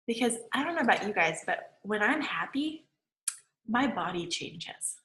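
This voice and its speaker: Bright, chatty woman coach in a roomy space. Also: mid-range voice, very animated, a little slow. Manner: chatty, peppered with "like" and laughs. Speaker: manifesting coach. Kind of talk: casual online lecture.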